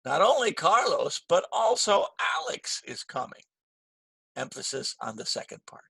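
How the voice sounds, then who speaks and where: A man teaching an English grammar lesson, slow and patient, repeating key phrases with stress. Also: a little high, sing-song, vocal fry, a bit bright, breathy edge, dry recording.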